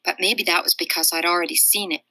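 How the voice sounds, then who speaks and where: A woman reading a children's novel aloud in a steady, expressive storytelling manner. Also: on the low side, fast talker, no room sound, poor audio. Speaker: reader.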